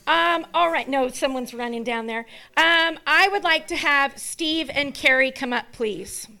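High-voiced woman making church announcements. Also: unhurried. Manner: chatty, laughing, warm thank-yous. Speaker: pastor's wife. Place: church hall.

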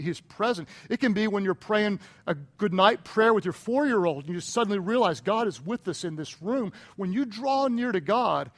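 A male pastor preaching a sermon with passion, moving between hushed, intimate passages and loud, emphatic repeated phrases. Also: sits high. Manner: repeats phrases for rhetorical punch.

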